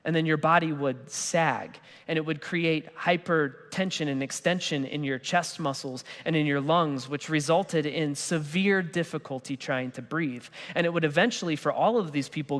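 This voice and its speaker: Guy pastor preaching, chatty and lively, big echoey church hall. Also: on the high side. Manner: conversational, animated preaching with casual slang. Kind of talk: sermon. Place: church auditorium.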